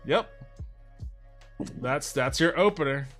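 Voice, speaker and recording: A man's voice: medium pitch, lively intonation, slow pace, fairly bright tone. Man, podcast co-host, casual chat, wry, laughs while reading aloud, faint music behind.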